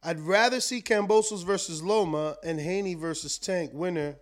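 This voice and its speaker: A man's voice: high-pitched, normal speed. A man hosting a live boxing stream, talking casually, rambling and repeating words as he reads out viewer comments. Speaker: boxing show host.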